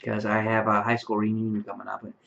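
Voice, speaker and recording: This late-twenties vlogger, tired and up late, talks casually to camera from his bedroom in a lowish, monotone, creaky voice that is a bit bright and brisk. He rambles with many fillers and restarts, recorded on a webcam microphone that sounds dull and lo-fi.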